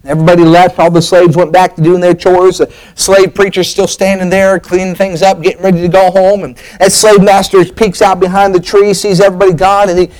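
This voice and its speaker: A man's voice: sits high, level tone, brisk, hardly any pauses, darkish tone, rough recording. A man preaching a sermon, telling a story with an emphatic, rising and falling preaching cadence.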